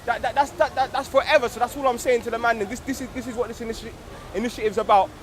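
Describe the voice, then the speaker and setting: A man's voice: very high voice, fairly even intonation, rapid-fire. A young man speaking casually outdoors on a street, full of slang and frequent "you get me". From England. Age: young adult. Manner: slangy, repeats "you get me", grows fervent and loud. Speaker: organiser of a street discussion circle.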